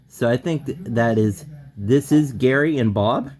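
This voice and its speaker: A man as a language student on a video call, reading slowly, stumbling and correcting himself. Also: mid-range voice, a little mellow. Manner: hesitant, self-correcting, laughs at his own slips. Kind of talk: casual online lesson talk.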